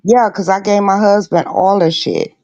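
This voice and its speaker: A middle-aged woman hosting a relaxed chat show, talking straight and swearing freely as she tells her stories. Her voice sits at an ordinary pitch and sounds close and dry, with no room around it. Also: normal speed, dry recording, muffled recording. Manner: blunt, profane storyteller. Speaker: host. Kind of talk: casual chat.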